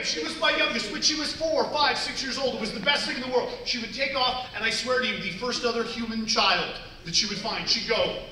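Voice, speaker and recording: A man's voice: very high-pitched, background noise. A man in his forties from Canada, giving a playful, jokey talk to students on a stage and acting out little scenes. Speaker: motivational speaker. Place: large hall, on stage. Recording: echoey hall, mic from far off.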